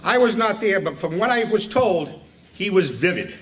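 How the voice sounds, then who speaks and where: A man's voice: high voice, lively intonation, moderate pace, a bit bright. A man giving a speech at a retirement dinner, telling stories and acting out quoted dialogue. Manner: storytelling, joking, acts out quoted dialogue. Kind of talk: speech with anecdotes. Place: banquet room. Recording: distant mic with faint room noise.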